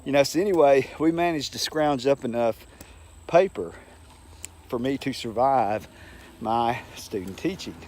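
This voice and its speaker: An older man with a mid-pitched voice tells stories from his years as a teacher. He rambles in a folksy, unhurried way and acts out the people he quotes. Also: animated, a little mellow. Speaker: retired teacher. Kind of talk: casual storytelling monologue.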